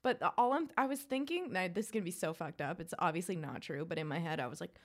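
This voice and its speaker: A woman's voice: fairly low pitch, lively intonation, fast talker. A young woman co-hosting a podcast, chatting loosely with lots of fillers and swearing. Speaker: podcast co-host. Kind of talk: casual chat.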